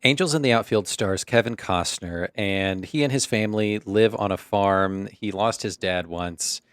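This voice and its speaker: A man's voice: lowish voice, normal speed, clear, resonant tone, no room sound, clean studio sound. A young man co-hosting a podcast, joking around playfully in casual chat. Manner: jokey, playful, laughs often. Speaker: podcast co-host.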